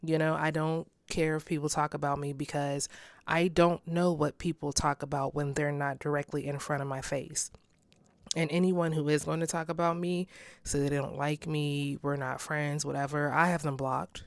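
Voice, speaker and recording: A woman's voice: low voice, level tone, normal speed, no room sound. A young woman hosting a solo podcast, talking candidly in a casual way and laughing often. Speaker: podcast host.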